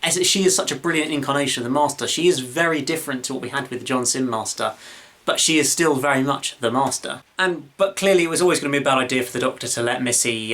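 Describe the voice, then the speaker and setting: A man talks quickly and eagerly through an episode review, full of praise. His voice is bright and forward. The delivery is casual, with plenty of fillers and restarts. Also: medium pitch. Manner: enthusiastic, gushing, with many fillers and restarts. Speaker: video reviewer, channel host.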